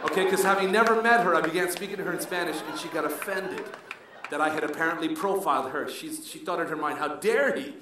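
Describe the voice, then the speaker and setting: A middle-aged man from Colombia performs a stand-up set in an animated style, weaving Spanish into English. His voice sits fairly high for a man. The recording is heavily echoey and distant, with a crowd audible throughout. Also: quick pace, a little hiss or hum. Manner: animated, switches between English and Spanish, acts out characters. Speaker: stand-up comedian. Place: comedy club stage with live audience.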